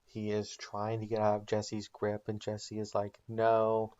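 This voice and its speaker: A man narrating an invented plot recap for comedy, deadpan and matter-of-fact. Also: fairly low pitch, moderate pace, highs cut off.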